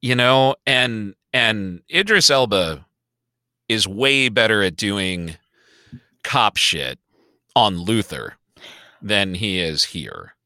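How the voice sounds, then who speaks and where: Animated bright-voiced man co-hosting. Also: fairly low pitch, slow, long pauses, no room sound, clean studio sound. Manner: animated, swearing, sighing. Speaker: podcast co-host. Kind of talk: casual movie review chat.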